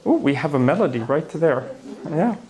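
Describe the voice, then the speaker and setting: A man's voice: on the high side, very animated, moderate pace, dark tone. Playful, theatrical male lecturer. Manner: playful and theatrical, with gasps and asides. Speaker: neuroscience lecturer. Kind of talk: conference talk. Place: conference hall before an audience.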